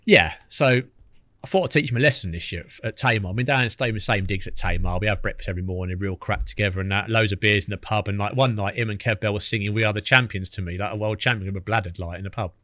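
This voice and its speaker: A man's voice: lowish voice, quick pace, fairly bright tone, no room sound, clean studio sound. A man, a podcast guest telling cheeky anecdotes and mimicking the people in them. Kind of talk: casual storytelling.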